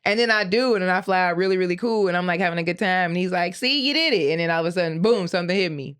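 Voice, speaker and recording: A woman's voice: on the low side, rapid-fire, clean tone. A woman co-hosting a podcast, talking casually and telling stories with lots of laughter and acted-out voices. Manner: animated storyteller, laughs often, acts out voices. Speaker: podcast co-host. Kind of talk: casual chat.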